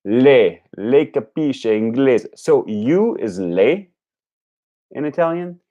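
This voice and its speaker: A young man on a casual live stream, practicing and repeating phrases out loud while chatting with viewers and correcting himself. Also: medium pitch, lively intonation, slow, highs cut off. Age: young adult. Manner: laughs at own jokes, self-correcting. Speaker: language learning streamer.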